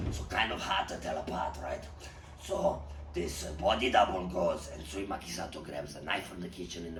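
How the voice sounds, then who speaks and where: A man telling a crude comic story in a rambling, profane, animated way, in an echoey room with faint noise. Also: low-pitched, far from the mic.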